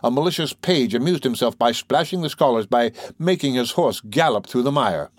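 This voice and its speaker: A man reading an old novel aloud, voicing a spoiled young male scholar who talks in a coaxing, mock-innocent way, slightly higher than his narration. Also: animated, normal speed, dry recording, studio quality, lightly acted.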